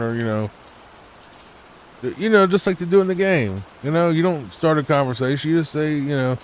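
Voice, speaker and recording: A man from the United States giving soft-spoken, rambling gameplay commentary meant for falling asleep, full of hesitations. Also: medium pitch, moderate pace, slight background noise. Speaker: gaming channel host.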